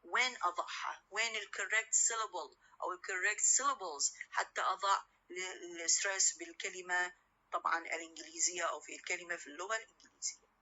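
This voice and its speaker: Bright-voiced woman lecturing. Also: lowish voice, fairly even intonation, rapid-fire, slight background noise, poor audio. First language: Arabic. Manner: switches between English and Arabic, frequent fillers and questions to students. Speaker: phonetics lecturer. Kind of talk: recorded university lecture.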